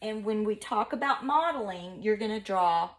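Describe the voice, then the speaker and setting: A woman teacher walks viewers through a recorded math lesson. She talks in a lively, playful way and keeps it chatty. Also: medium pitch, normal speed.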